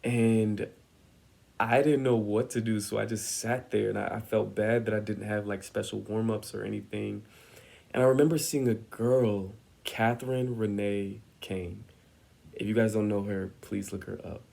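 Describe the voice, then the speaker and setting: A man's voice: fairly low pitch, fairly even intonation, normal speed, vocal fry, darkish tone. A young man telling a personal story in a vlog, acting out the voices of the people he quotes with lots of energy. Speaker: vlogger.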